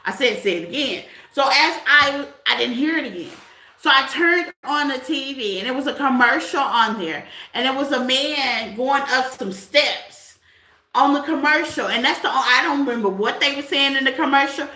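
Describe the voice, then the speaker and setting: A woman gives a spiritual tarot reading in a high, bright voice. She talks in a loose, chatty way and keeps asking "okay?" The room around her is echoey. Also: moderate pace. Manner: conversational, chatty, repeats "okay?" often. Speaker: tarot reader.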